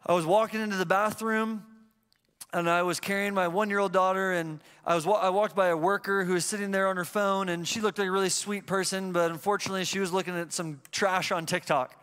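A man's voice: high-pitched, a bit bright, smooth. A young adult man pastor preaching a sermon in a church, telling a story in a conversational way. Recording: church hall reverb.

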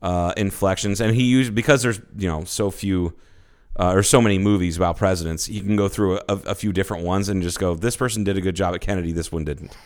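A man co-hosting a podcast, chatting casually with animated, profane, rambling enthusiasm. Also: deep voice, fast. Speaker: podcast co-host. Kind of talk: casual chat.

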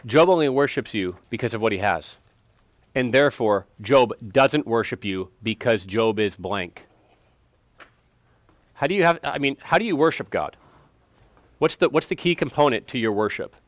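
Bible study teacher, man, quizzes class, emphatic, dry close sound, middle pitch. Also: animated, moderate pace, long pauses, no room sound. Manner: questioning, emphatic, prods students for answers. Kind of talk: interactive Bible lesson.

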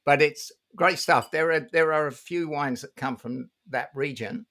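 A woman speaking in a put-on deep Cockney-sounding voice, chatting casually with hesitant repeats. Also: moderate pace, a bit bright, slight background noise. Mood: bluff chatty. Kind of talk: casual podcast chat.

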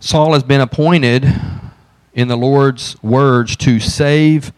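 A man teaching a Bible study, reading the passage aloud before unpacking it in plain, conversational words. He keeps asking his listeners rhetorical questions and grows more forceful as he retells the prophet's rebuke. The voice is mid-pitched and recorded dry and close to the mic. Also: fairly even intonation, slow, clear, resonant tone, dry recording. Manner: reads scripture aloud, then explains it conversationally with rhetorical questions; paraphrases Samuel with rising intensity.

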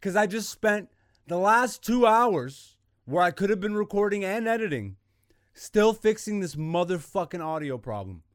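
A male podcast host ranting in a casual monologue, animated and profane, with exasperated loud bursts. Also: high voice, moderate pace, dry recording, studio quality.

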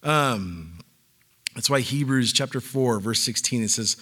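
Energetic man preaching a sermon. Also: medium pitch, a little slow, husky. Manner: conversational, with casual fillers and asides; builds to emphatic, fervent preaching. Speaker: pastor.

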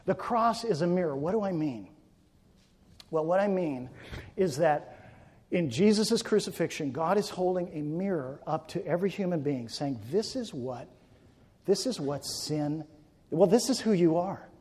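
A male pastor preaching a sermon, swinging between forceful emphatic peaks and quiet hushed passages. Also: fairly high pitch, expressive, moderate pace, slightly rough. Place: church sanctuary. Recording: long church reverb.

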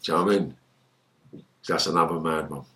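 A man's voice: extremely low pitch, fairly quick. A middle-aged man, a former gangster telling stories in an interview and swearing a lot. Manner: animated storytelling, acts out voices loudly, swears. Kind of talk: storytelling interview.

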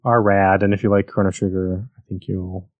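A man's voice: low-pitched, steady tone, moderate pace, dry recording, phone-quality sound. An American man chatting casually about video games, rambling and correcting himself as he goes. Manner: rambling, self-correcting, enthusiastic.

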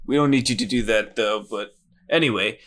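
A man playing a tabletop game in casual chat, playful and quick with questions. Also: fairly low pitch, fairly bright tone. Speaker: player.

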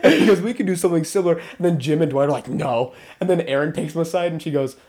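A man co-hosting a podcast, excitedly retelling favorite sitcom scenes and laughing often. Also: a little high, rapid-fire. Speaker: podcast co-host. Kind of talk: casual chat.

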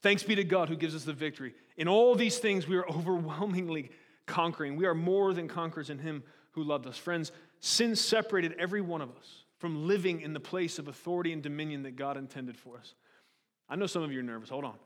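A man preaching with a fairly high voice, rising and pressing as he throws rhetorical questions at his listeners. His sermon rings through a church hall with a long reverb tail. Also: brisk. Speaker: pastor.

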